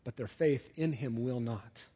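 A man preaching a sermon in a deliberate way, often dropping low and soft at the ends of phrases. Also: slightly rough, dull audio. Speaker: pastor.

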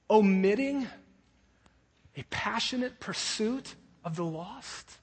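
A high-pitched preacher in an echoing hall. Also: male voice, unhurried, pauses often, slightly rough. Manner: emphatic, repeats key phrases. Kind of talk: sermon. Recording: long reverb of a large hall.

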